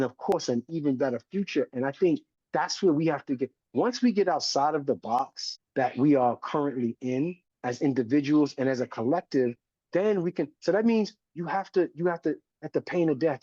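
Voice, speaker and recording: A man's voice: on the high side, a little mellow, no room sound. A man in his forties from the United States, a community educator speaking passionately in an interview and often checking in with "right?". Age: 40s. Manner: emphatic, preachy, keeps tagging "right?". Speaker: podcast guest, community educator. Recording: dull, dry lo-fi recording.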